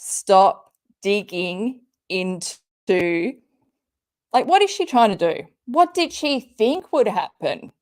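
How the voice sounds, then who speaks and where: A woman's voice: medium pitch, sing-song, slow. A woman hosting a live commentary stream, reading out tweets and ranting back at them with angry, sweary sarcasm. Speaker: commentary channel host.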